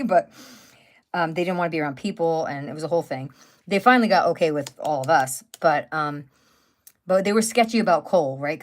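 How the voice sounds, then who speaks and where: A woman in her fifties chatting casually on a live stream, telling rambling stories full of fillers and restarts. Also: low voice. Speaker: craft channel host. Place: at home by a wood stove.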